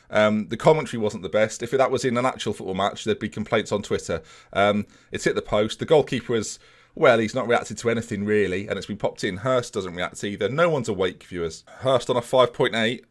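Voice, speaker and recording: Guy, mid-pitched, chatty game commentary, keeps addressing viewers, flips from calm to yelling. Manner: excitable, jokey, talks to viewers, sudden outbursts. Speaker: gaming video creator. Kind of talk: casual commentary over a football management game. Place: small home room with a fan and softbox light.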